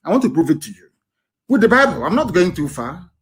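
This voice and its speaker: A Nigerian-accented man with a fairly high voice preaches on a live broadcast. He lectures with scorn, reads scripture slowly, and swings between loud bursts and soft asides. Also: very animated. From eastern Nigeria. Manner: reads Bible verses aloud slowly, pausing and restarting. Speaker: activist broadcaster.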